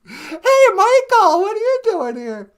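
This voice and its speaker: Speaking slowly in a very high, sing-song voice, a woman from Minnesota, USA, co-hosts a laid-back live stream. She jokes around, laughs a lot, and does goofy computer beeps.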